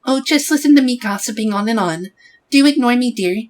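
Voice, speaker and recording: A man's voice: very high voice, expressive, brisk, voice pushed up, rough recording. A man voicing a fussy, gossipy old woman neighbor who chatters on sympathetically, in a game playthrough.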